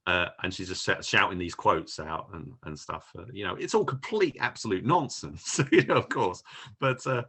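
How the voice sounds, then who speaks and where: A man with a low voice talks through a film in casual podcast chat, restarting sentences and trailing off with fillers. His tone is bright and forceful despite the low pitch. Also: lively intonation, moderate pace, husky. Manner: rambling, many restarts and fillers. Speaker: podcast co-host.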